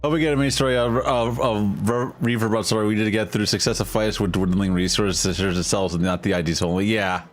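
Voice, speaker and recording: A man's voice: on the low side, steady tone, fast, few pauses, soft background music. A man streaming a game, chatting casually, rambling and swearing freely with self-deprecating jokes. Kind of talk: casual gameplay commentary.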